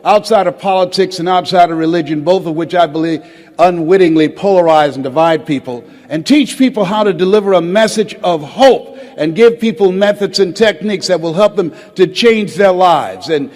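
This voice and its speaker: An older man giving a motivational speech to a live audience, calling for hands and repeated lines, swinging between loud exhortation and quiet storytelling. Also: sits high, moderate pace. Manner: call-and-response, asks the crowd to raise hands and repeat lines. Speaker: motivational speaker. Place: large hall with a live audience. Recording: long hall reverb.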